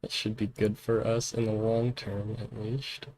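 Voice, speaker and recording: A man's voice: on the low side, flat delivery, unhurried, darkish tone, a little hiss or hum, poor audio. Man role-playing a diplomat on stream. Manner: shifts into a mock diplomat voice, repeats "my friend". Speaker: streamer playing Pakistan's leader. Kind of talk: live-streamed political role-play game.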